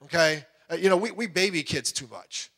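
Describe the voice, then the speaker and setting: A middle-aged male pastor delivering a sermon in a rather high voice. He talks in an animated way and slips into quoted voices with big leaps in pitch. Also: a little fast.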